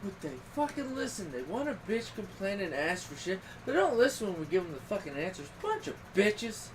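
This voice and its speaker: A man co-hosts a casual podcast chat with a voice that swings widely in pitch. He jokes and swears freely, keeping the talk loose and irreverent. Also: sing-song, a little fast, slight background noise. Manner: profane, joking, laughs often. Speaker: podcast co-host.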